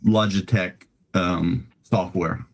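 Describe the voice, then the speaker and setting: A middle-aged man chatting casually on a live stream, halting with frequent restarts, speaking into a desk-mounted USB microphone. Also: low voice, fairly even intonation, creaky.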